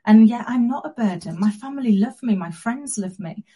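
A woman guest telling a personal story in an interview, earnest and reflective, with soft pauses. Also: on the high side, lively intonation, breathy edge, low-quality recording.

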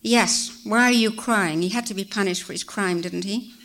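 A woman's voice: mid-range voice, moderate pace, background noise, close to an everyday voice. A woman reading the lines of a bitter, accusing male cinema doorman in a storybook.

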